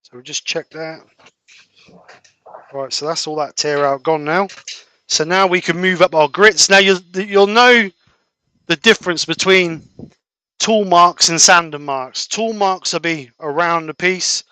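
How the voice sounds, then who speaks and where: A man explaining woodturning steps on a live stream, steady and step-by-step. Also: fairly high pitch, unhurried, clean tone, dry recording, poor audio. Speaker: woodturning demonstrator. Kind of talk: live-stream turning demo.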